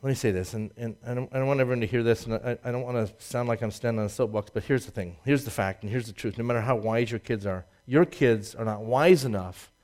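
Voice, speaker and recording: A man preaching a sermon, swinging from loud emphatic rises to low asides and laughing at his own jokes. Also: fast talker, hardly any pauses. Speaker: pastor.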